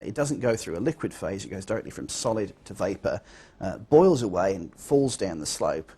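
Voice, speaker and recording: A man, a scientist, gives interview answers in a low, slightly husky voice. He explains his points thoughtfully, with occasional fillers as he gathers his words. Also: sing-song, moderate pace, warm tone.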